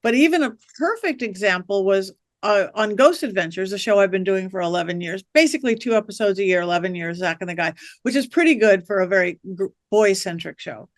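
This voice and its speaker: A woman guest on an interview podcast, a witch and medium, telling lively stories and acting out the voices of people she quotes. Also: mid-range voice, a little fast, hardly any pauses, no room sound, studio quality. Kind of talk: storytelling interview chat.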